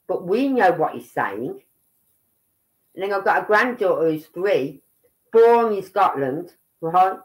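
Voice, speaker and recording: On poor audio, a middle-aged Birmingham woman with a Brummie accent talks slowly in a sing-song, lowish voice. Hosting a casual livestream, she chats and rambles, tagging her points with "right?" and "you know what I mean".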